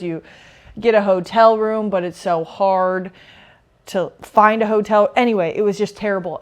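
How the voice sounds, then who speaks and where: Lively young woman chatting. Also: on the low side. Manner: lively, quotes people in a brighter voice. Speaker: pro beach volleyball player. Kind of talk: casual storytelling.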